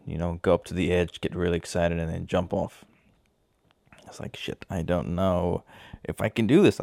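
Young guy rambling through a story, deep voice, really dry close sound. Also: darkish tone, no room sound. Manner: rambling, self-correcting storyteller. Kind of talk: casual spoken anecdote.

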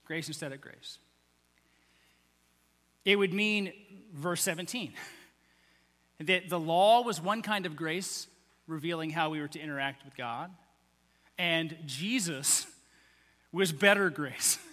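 A man preaching a sermon in a conversational, animated way, acting out quotes as he teaches. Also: a little high, slow pace, long pauses, long reverb tail. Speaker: pastor.

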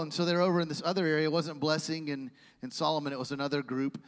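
High-voiced pastor preaching in a reverberant hall. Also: male voice, fast talker. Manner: animated storytelling with asides to the congregation. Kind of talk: sermon. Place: church sanctuary. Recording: long church hall reverb.

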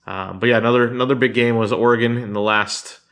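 A man co-hosting a sports podcast, giving measured, opinionated takes with "um" fillers. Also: medium pitch, fairly even intonation, fairly bright tone. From Southern California. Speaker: podcast co-host. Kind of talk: casual sports chat.

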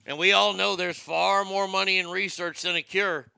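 A man's voice: sits high, flat delivery, normal speed, creaky, pushed and bright, smooth, dry recording. A man hosting a casual show, reading news items and chat comments aloud and riffing on them with irreverent jokes, often stammering and restarting.

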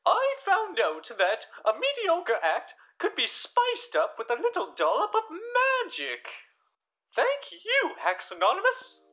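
A woman's voice: extremely high pitch, wildly swooping pitch, takes it slowly, a bit bright, full character voice. A woman voicing a chirpy satisfied customer in a parody ad testimonial, gushing and sing-song. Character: chirpy satisfied female customer, amateur act.

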